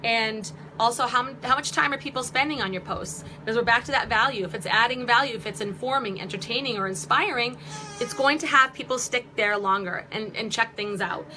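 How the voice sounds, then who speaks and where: A woman's voice: on the high side, fairly quick, noisy background. A woman in her forties hosting a live-stream vlog, giving online marketing tips in an upbeat, chatty way with jokey asides. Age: 40s.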